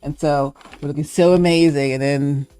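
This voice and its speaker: A woman's voice: sits low, fairly even intonation, moderate pace, mellow, clear, resonant tone. A woman hosting a casual livestream, musing playfully and shifting into encouragement, now and then acting out little character voices. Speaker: live stream host.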